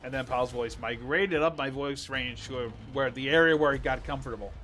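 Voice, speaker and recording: A man reacting excitedly on a live stream, exclaiming and reading viewer questions. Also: medium pitch, a little fast, faint music behind.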